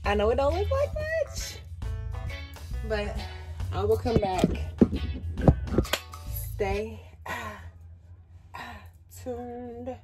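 A woman's voice: fairly high pitch, very animated, very slow, long pauses. A young woman vlogging casually in a small RV kitchen, chatty and playful, talking straight to her viewers. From United States. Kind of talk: casual chatty vlog talk. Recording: music playing under the voice. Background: background music.

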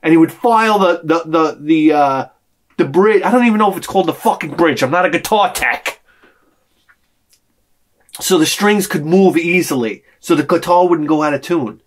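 A man's voice: fairly high pitch, moderate pace. A man hosting his own video channel, ranting in a profane, rambling, emotional way. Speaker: vlog host. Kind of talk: casual ranting monologue.

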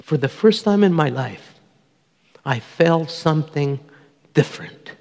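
A middle-aged man gives a personal testimony to his congregation in a church sanctuary, telling his story earnestly and acting out the voices he quotes. His voice is fairly high, expressive, unhurried, gravelly, and darkish, with long church hall reverb.

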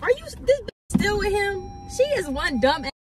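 A woman's voice: very high voice, big pitch swings, normal speed, slight background noise. A woman chatting casually as a friend of the vlogger, blunt, profane and gossipy. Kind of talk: casual chat.

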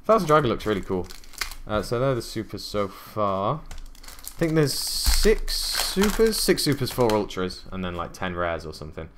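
A young man, a card-opening YouTuber, chats casually while unboxing card packs, thinking out loud with plenty of ums and uhs. His voice is fairly low and sing-song, his pace moderate, and there's noise in the background.

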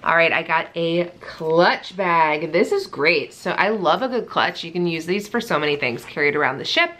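A young woman talks through a casual show-and-tell vlog, chatty and gushing, with plenty of fillers. Her voice is bright and forward, sitting a little on the low side for a woman. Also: expressive, moderate pace. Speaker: vlogger.

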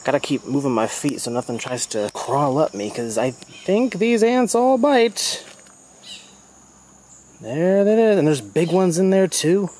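A young man from the United States chatting excitably to his viewers while walking a rainforest trail at dusk, filmed on a handheld phone. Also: a little high, unhurried. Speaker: vlogger. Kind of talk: casual vlog walk-and-talk.

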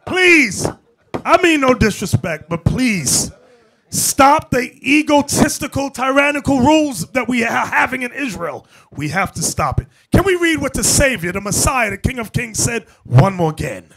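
Fiery high-voiced preacher man. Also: big pitch swings, normal speed, gravelly. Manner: emphatic, shouting at times, addresses the brothers directly. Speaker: bishop preacher. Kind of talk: fiery sermon.

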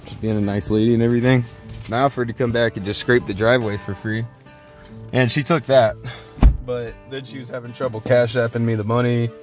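A man's voice: mid-range voice, flat delivery, a little fast, over music. Rambling, cursing young man vlogging outside. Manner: rambling, profane, self-deprecating. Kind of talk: casual vlog.

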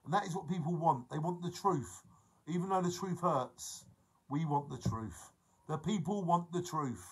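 A man's voice: a little high, moderate pace, breathy edge, poor audio. A man, chatting casually and jokily on his live stream and greeting viewers by name. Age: 40s. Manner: chatty, jokey, reads out viewer names.

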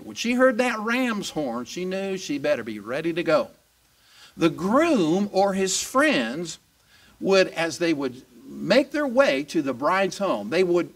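Male pastor, slow animated sermon delivery, picked up from a distance. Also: high-pitched. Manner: animated, emphatic preaching. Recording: voice distant from the mic.

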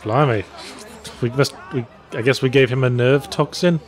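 A man's voice: medium pitch, moderate pace. Dry, sardonic man commentating a game. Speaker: let's play co-host. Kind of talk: casual gameplay commentary.

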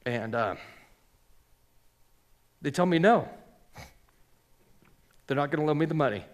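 A man's voice: on the high side, lively intonation, measured pace. A middle-aged man telling a personal story live on a theater stage, chatty and full of fillers. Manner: chatty, filler-heavy, voices quoted people.

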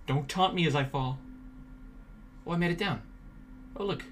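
A man's voice: on the high side, moderate pace, pauses often. Jokey man streaming a game. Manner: joking, jumpy reactions, talks to chat. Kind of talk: let's play commentary.

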